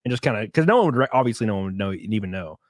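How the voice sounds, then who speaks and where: A young man hosting a podcast, chatting casually with a guest, excitable and quick to joke and swear. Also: on the low side, no room sound, studio quality. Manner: excitable, swears a lot, jokes with mock voices. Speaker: podcast host. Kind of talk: casual chat.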